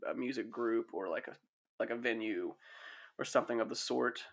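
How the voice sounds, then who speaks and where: A man in his twenties talking as a guest in a casual podcast chat, easygoing and reflective, often pausing to find his words. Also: medium pitch. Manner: easygoing, reflective, hesitant with fillers.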